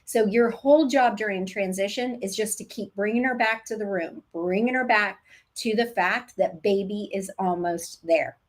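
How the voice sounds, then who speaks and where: Woman, labor nurse, direct animated coach, middle-pitched voice, talks straight to parents. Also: moderate pace. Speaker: labor nurse and childbirth educator. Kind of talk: casual live teaching to expectant parents.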